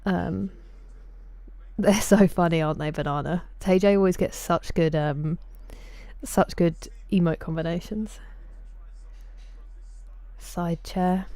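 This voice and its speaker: A woman streamer talks casually to her viewers, greeting them by name and answering their messages one after another. Her voice sits a little low and sounds mellow and relaxed. The sound is close and dry, from a desk microphone in a room at home. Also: takes it slowly, pauses often, no echo. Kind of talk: casual live-stream chat.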